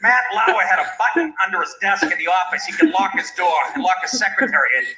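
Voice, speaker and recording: A man's voice: sits high, animated, fast, roomy sound, over loud music, rough recording. A man doing a brash, crude, mocking stand-up comedy routine.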